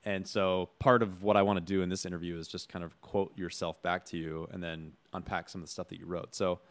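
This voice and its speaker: Male interviewer, low-pitched, reflective, restarts his sentences while he searches for words. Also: level tone. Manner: warm-hearted, halting, searching for words. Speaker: interviewer host.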